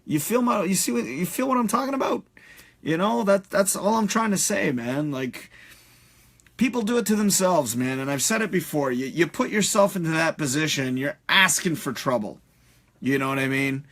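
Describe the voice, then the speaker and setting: Man, fairly high voice, profane live-stream rant, loose and animated. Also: moderate pace. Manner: profane, animated ranting with frequent fillers. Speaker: host.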